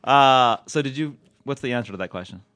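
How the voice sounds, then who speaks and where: A man's voice: medium pitch, brisk, fairly bright tone, dry recording. A man hosting a podcast in casual chat, joking and laughing often. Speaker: podcast host.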